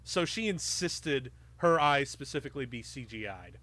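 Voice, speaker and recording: Brief: male podcast host, bright tense tone, excited casual commentary, swears freely. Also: mid-range voice, normal speed. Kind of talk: movie commentary chat.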